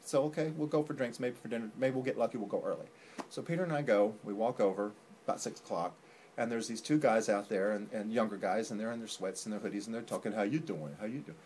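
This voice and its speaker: A man's voice: on the low side, fast talker, darkish tone, slight background noise. A man co-hosting a casual vlog, telling a rambling, joking story, filmed on a phone at home. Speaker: vlog co-host. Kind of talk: casual chat. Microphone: phone camera.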